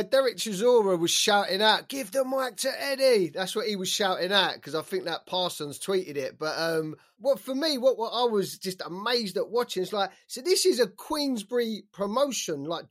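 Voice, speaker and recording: Excitable British man chatting about boxing. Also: sits high, moderate pace, hardly any pauses. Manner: excitable, swears freely, many fillers like "like". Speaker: boxing podcast co-host. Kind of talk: casual chat.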